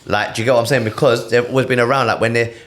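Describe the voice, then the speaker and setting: A man's voice: medium pitch, steady tone, very fast, a bit bright, a little hiss or hum. A man co-hosting a podcast, chatting casually and often asking "do you get what I'm saying?". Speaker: podcast co-host. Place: podcast studio.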